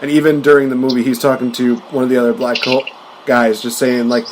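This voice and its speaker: A man's voice: medium pitch, flat delivery, brisk, noisy background. A man hosting a casual podcast chat, rambling with lots of fillers and laughing often. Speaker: podcast host. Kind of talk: casual chat about movies.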